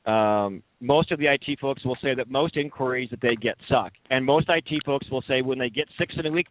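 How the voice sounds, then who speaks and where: A man's voice: mid-range voice, no room sound, phone-quality sound. A man speaking as a recruiter guest on a panel, earnest and explaining at length with fillers. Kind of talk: panel discussion.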